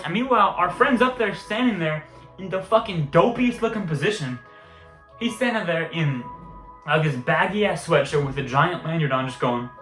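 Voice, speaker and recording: A man's voice: a little high, a bit bright. A young man telling a casual story, rambling and swearing often. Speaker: vlogger. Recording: roomy echo, faint music behind.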